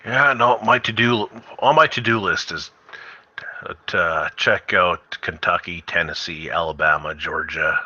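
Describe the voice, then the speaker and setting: A man's voice: low-pitched, unhurried, pushed and bright, no echo, muffled recording. A man from Canada chatting casually, rambling through stories with many fillers. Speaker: host. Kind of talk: casual chat.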